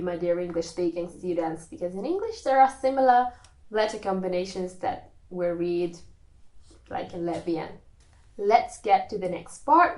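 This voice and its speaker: A woman teaching a recorded language lesson, explaining rules slowly and carefully with spoken examples. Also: medium pitch, a little mellow. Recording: echoey room.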